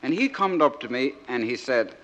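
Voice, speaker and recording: A man's voice: mid-range voice, expressive, normal speed, a bit bright, in a large hall, slight background noise, pitched above the performer's own voice, natural voice, poor audio. A man voicing a naive young soldier from a small outport, telling his story in thick Newfoundland dialect with comic timing. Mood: folksy. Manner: folksy dialect storytelling with punchlines. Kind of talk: comic monologue.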